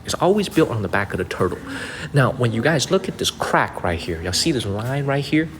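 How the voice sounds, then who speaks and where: A man's voice: mid-range voice, sing-song, normal speed. A man walks viewers through a historic monument on a live stream, talking casually, repeating his questions and calling out viewers' names. His voice sits in the middle range and carries a long reverb off the stone around him. Faint ambient noise runs underneath. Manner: chatty, repeats himself, thanks viewers by name. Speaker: livestreaming travel vlogger. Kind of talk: live-stream tour chat. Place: outdoors at a historic mausoleum site.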